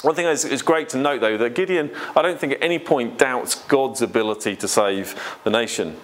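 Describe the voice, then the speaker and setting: A man preaching to his congregation in a relaxed, conversational way. He talks earnestly and keeps asking his listeners questions. His pitch sits in an ordinary middle range for a man. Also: moderate pace. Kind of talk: sermon.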